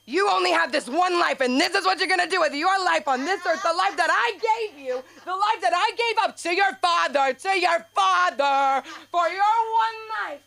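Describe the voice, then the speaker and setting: A woman voicing a loud, guilt-tripping middle-aged Jewish mother who shouts her lines high and emphatic. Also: animated, moderate pace, creaky, few pauses, exaggerated voice.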